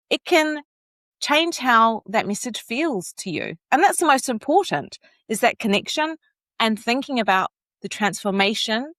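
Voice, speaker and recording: A woman communications and vocal coach speaking as a podcast guest, expressive and animated as she demonstrates inflection. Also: a little high, unhurried, no echo. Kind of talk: podcast interview.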